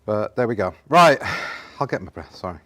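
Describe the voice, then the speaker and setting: A man hosting a live studio interview, short of breath and a little apologetic. He talks in a lively, bouncing tone that swings up and down a lot, chatty and friendly with his guest. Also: fairly low pitch, normal speed. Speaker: host.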